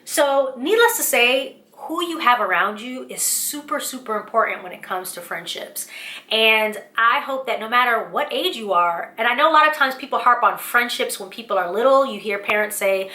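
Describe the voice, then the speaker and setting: Bright-voiced woman host, echoey room. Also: on the high side, lively intonation, normal speed. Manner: earnest, upbeat, uses Southern-US slang like y'all. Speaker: motivational vlog host. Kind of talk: casual faith-based encouragement talk.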